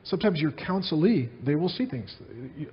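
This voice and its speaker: A man preaching a sermon as pastor, telling stories in an animated way and repeating his phrases. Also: a little high, brisk, lo-fi sound.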